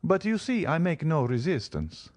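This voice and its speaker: A man's voice: fairly high pitch, sing-song, moderate pace, a little mellow, no echo, voice pushed up. A man reading the part of a reserved, formal nobleman in an audiobook, cool and restrained. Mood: courteous. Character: reserved, guarded nobleman, middle-aged.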